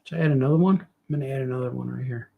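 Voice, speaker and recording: A man's voice: mid-range voice, very fast, vocal fry, narrow, tinny audio. A man cartoonist chatting casually and thinking aloud as he draws, rambling and cracking jokes. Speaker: cartoonist drawing on a show. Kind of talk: casual commentary while drawing.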